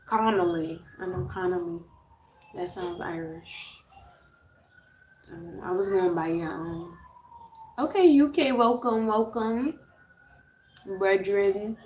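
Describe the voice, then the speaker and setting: A woman's voice: mid-range voice, takes it slowly, pauses often, darkish tone, slight background noise. A woman, chatting casually with viewers on a livestream, laughing often and reading out names. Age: 30s. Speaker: livestream host. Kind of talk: casual live chat with viewers. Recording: roomy echo.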